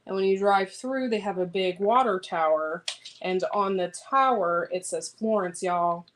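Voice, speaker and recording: A woman rambles in easy, casual talk while cutting vegetables in her kitchen and answering viewer comments. Her voice sits at an ordinary middle pitch. Clear background noise and clicking run under the recording. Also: measured pace. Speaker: homesteading vlogger. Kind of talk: casual livestream chat.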